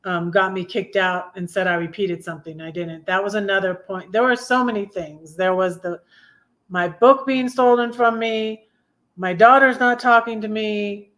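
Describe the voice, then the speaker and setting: A woman's voice: medium pitch, steady tone, normal speed, a bit bright. A woman in her fifties hosting her own livestream, telling personal stories in a rambling, confiding way with frequent self-corrections. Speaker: livestream host. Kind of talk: casual personal storytelling.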